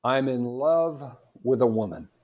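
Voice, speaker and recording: A man voicing a confident older male bishop in a joke, telling it in a relaxed, chuckling way. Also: medium pitch, a little slow, close to an everyday voice. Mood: amused.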